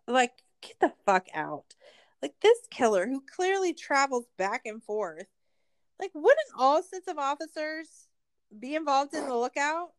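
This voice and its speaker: A woman's voice: a little high, no room sound. A woman co-hosting a casual podcast, ranting with heavy profanity and sarcasm. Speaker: podcast co-host.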